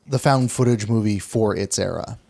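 A man co-hosting a casual chat, dropping wry, deadpan asides. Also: fairly low pitch, moderate pace, creaky, dry recording. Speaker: podcast co-host.

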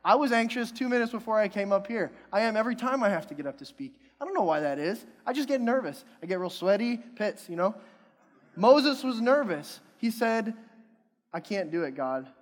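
A man's voice: high-pitched, expressive, fairly quick. Youngish male preacher, casual and joking. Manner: casual, joking, self-deprecating. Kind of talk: sermon. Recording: long hall reverb.

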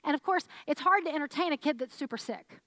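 A middle-aged woman preaching a sermon, telling a family story in a lively, conversational way with quick laughs. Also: high-pitched, dry recording, clean studio sound. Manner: animated, conversational storyteller who laughs while talking.

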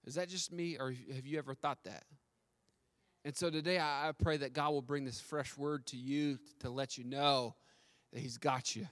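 A man's voice: medium pitch, steady tone, moderate pace, fairly bright tone. A man preaching a sermon, telling a story and asking his listeners direct questions. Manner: storytelling, asks the audience questions, stammers on restarts. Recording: long hall reverb.

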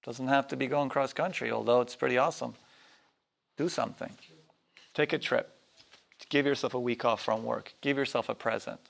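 A man with a gravelly, creaky voice and a mid-range pitch leads a spiritual workshop. He talks loosely and swears freely. He slips into little voices when he tells his stories. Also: fairly even intonation, normal speed, a bit bright. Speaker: workshop teacher. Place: workshop hall.

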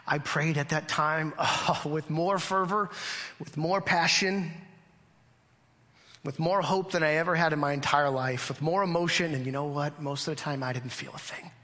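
A man's voice: on the high side, moderate pace, sharp tone. Earnest preaching man in an echoing hall. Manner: earnest, conversational preaching with rhetorical questions. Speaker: pastor. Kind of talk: sermon. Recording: long hall reverb.

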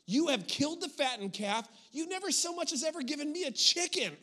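Guy doing a whiny older brother, high and worked up, totally indignant, refusing to come in. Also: lively intonation, a little fast, bright, forceful tone, exaggerated voice. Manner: indignant, complaining. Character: resentful hardworking older brother, young man. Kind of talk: acted quote in a sermon.

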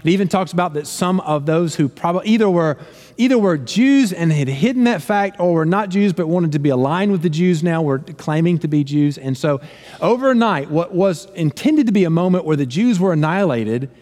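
Guy preaching, high voice, acts out the story lines, big echoey church. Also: moderate pace. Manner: animated storytelling, acting out characters' lines. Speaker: pastor. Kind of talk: sermon.

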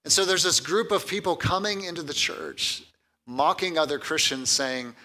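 A man preaching a sermon with a bright, ringing voice pitched a touch high. He talks casually and with animation, repeating his words as he goes and dropping in light humor. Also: lively intonation, normal speed. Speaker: pastor.

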